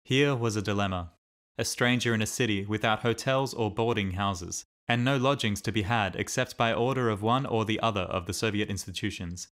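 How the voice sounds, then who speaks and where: A man narrating a diary as an audiobook in a steady, measured reading. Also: on the low side.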